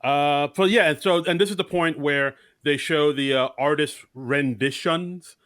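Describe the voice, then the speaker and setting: A man with a bright, lively tone co-hosts a casual movie podcast. He is recorded close and dry, with no room sound. He retells scenes playfully and slips into quick impressions of the characters. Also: on the high side, dry recording. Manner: jokey, acts out characters' lines. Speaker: podcast co-host. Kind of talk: casual movie recap chat.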